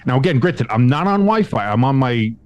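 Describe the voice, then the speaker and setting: A man co-hosting a sports podcast, casually telling a long story with profanity and acting out the quoted lines. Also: a little fast. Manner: animated, acts out quotes with big pitch jumps; profane, frequent restarts. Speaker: podcast co-host.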